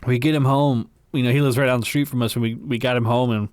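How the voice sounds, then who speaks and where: A man's voice: mid-range voice, fairly even intonation, fast talker, darkish tone, clean tone, dry recording. A man co-hosting a podcast, telling childhood stories in a laid-back way, swearing freely and laughing at his own tales. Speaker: podcast co-host. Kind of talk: casual storytelling chat.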